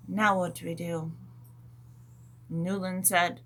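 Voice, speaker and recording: A woman teacher tells a story to young children, gentle and animated, adding sound effects as she goes. Her voice is mid-range and her pace measured.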